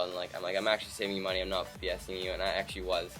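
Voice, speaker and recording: A man's voice: low voice, racing, soft background music. A young man from Canada casually telling a story to camera for his vlog, acting out the people he quotes. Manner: animated, acts out quoted people. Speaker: vlogger.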